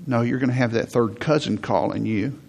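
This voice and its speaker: A male pastor delivers a sermon in a conversational way. His voice is gravelly with a husky edge. He slips into other people's words to act them out. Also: medium pitch, brisk, a little mellow. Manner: conversational preaching, acts out quotes.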